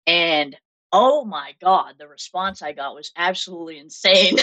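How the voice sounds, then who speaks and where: Guest spot: young woman, Massachusetts accent, low voice, lively storyteller who laughs easily. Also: moderate pace, low-quality recording. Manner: animated storytelling, laughs often. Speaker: guest makeup artist. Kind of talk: casual interview chat.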